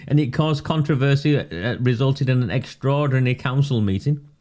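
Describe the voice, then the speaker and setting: Speaking at a moderate pace in a medium-pitched, expressive, slightly mellow voice, this man offers his viewers laid-back live commentary on local politics. He mocks and needles with sarcasm, laughing often as he goes.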